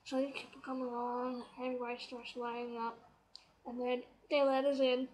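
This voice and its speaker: A woman's voice: high-pitched, little pitch movement, moderate pace, a little mellow, low-quality recording. A young woman from Canada chatting animatedly through a personal story, full of fillers. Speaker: vlogger.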